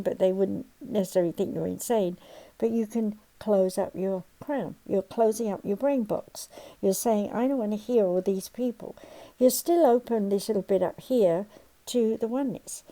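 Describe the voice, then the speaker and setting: On a low-quality recording, an older woman with a mid-range voice teaches as a counselor. Her manner is animated: she gives step-by-step instructions for exercises and plays out ordinary worries along the way.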